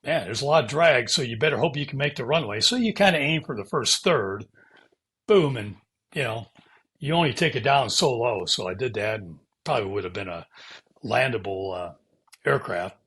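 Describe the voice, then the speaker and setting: With lively intonation at normal speed, an older American man who used to fly fighters recounts stories in an animated interview. His medium-pitched voice is fairly bright and slightly rough, and he plays out radio calls and hissing brakes while swearing casually.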